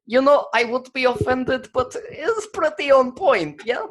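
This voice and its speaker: A man's voice: high voice, moderate pace. Awkward, polite male scientist, Slavic-sounding accent, broken phrasing, put on by a man.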